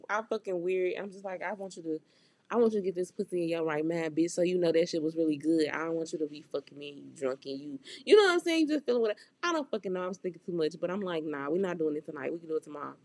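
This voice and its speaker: A woman's voice: on the low side, darkish tone, no room sound. Blunt, profane young woman telling a story. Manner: blunt, profane and candid, acting out quoted dialogue. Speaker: podcast host. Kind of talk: casual storytelling monologue.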